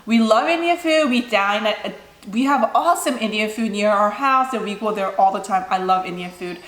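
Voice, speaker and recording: A woman's voice: medium pitch, normal speed, fairly bright tone. A young woman vlogger answering viewer questions in a casual, rambling chat, full of "like" and "you know". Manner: chatty, lots of "like" and "you know". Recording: echoey room.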